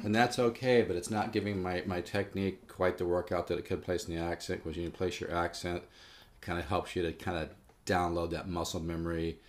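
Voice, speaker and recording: A man's voice: low voice, fairly even intonation, brisk. A man giving a casual guitar lesson, rambling with restarts and stressing his points. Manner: rambling, restarts, emphatic about practice. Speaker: guitar teacher. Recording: faint guitar playing behind.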